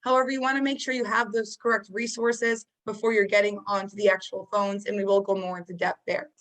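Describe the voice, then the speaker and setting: A woman's voice: medium pitch, little pitch movement, fairly quick, a bit bright, low-quality recording. A woman coaching sales agents on a training call, talking casually and encouragingly, with frequent fillers. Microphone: video call.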